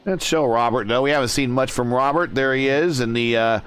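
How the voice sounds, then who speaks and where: A man with a central Indiana accent giving relaxed, chatty play-by-play commentary on a sim race. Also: medium pitch, a little fast, smooth.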